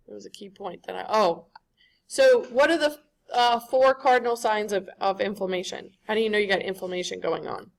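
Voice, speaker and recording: Gravelly-voiced woman lecturing a class. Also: mid-range voice, a little fast. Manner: conversational, often checks in with "right?".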